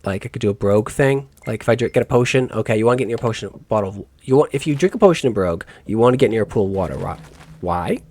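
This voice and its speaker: Husky, lively-voiced man musing over a game. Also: on the low side, racing. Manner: musing aloud, rambling asides with self-corrections. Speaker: gaming YouTuber. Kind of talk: let's play commentary.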